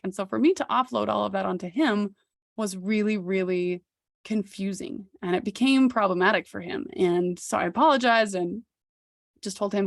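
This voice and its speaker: A woman in her thirties telling a personal story on a podcast, candid and reflective. Her mid-range voice carries a gravelly fry. The sound is dry and close, with no room around it. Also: mid-range voice, moderate pace, no room sound. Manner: candid, reflective, with occasional laughs. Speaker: podcast co-host.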